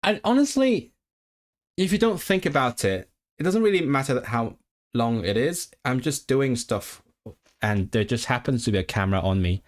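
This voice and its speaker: A man's voice: medium pitch, lively intonation, normal speed. A man on a casual livestream, thinking aloud as he studies and sounds out and repeats new words. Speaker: language-learning streamer. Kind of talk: casual livestream study session.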